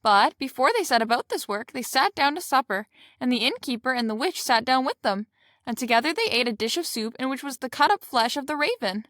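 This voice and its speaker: A woman reading a fairy tale aloud in a steady, plain storybook way. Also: high-pitched, brisk, dry recording, studio quality.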